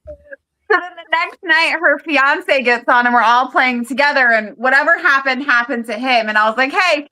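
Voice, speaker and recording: A woman's voice: sits high, moderate pace, bright, forceful tone, rough recording. A woman co-hosting a casual podcast, chatting and telling a teasing story about her family. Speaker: podcast co-host.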